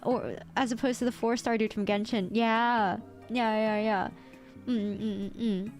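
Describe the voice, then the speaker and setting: Excitable American woman streamer, high voice, casual chat over soft background music. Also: unhurried. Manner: excitable and playful, squeaky outbursts. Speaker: VTuber streamer. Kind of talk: casual livestream chat, reading chat aloud.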